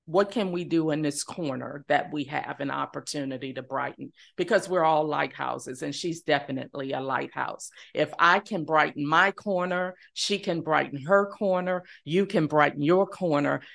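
A woman's voice: sits low, moderate pace, creaky, few pauses, fairly bright tone. A middle-aged woman from New Orleans, a nonprofit chief executive, giving earnest interview answers in repeated, rhythmic phrases. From New Orleans, United States. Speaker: nonprofit CEO, podcast guest.

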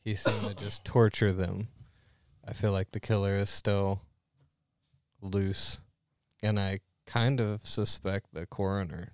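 A man's voice: lowish voice, fairly even intonation, slow. A man playing a tabletop role-playing game, talking through his character's suspicions in a thoughtful, hesitant way. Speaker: player.

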